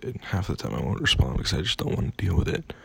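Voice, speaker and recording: A young man venting in a casual storytime rant, profane and exasperated, with a gravelly, husky voice. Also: low voice, big pitch swings, quick pace, background noise. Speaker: vlogger.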